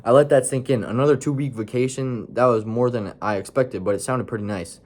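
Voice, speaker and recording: A man's voice: mid-range voice, brisk, a little mellow. A tired man reading his own story aloud in a casual way and mocking his own writing with joking asides.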